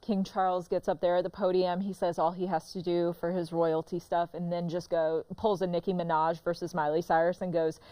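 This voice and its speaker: A woman's voice: on the low side, little pitch movement, fairly quick, few pauses, warm tone, no echo, rough recording. Gossipy woman on a panel. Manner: gossipy, playful. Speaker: panel guest. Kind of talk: casual panel chat.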